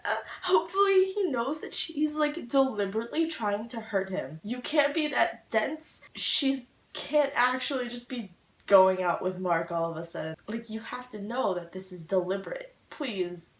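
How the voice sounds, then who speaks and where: A woman's voice: mid-range voice, expressive, normal speed, distant mic. A young woman vlogging her reaction to a book, rambling and emotional with lots of "like", recorded at home on a camera mic. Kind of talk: casual book reaction vlog. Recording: echoey room, voice a little off-mic.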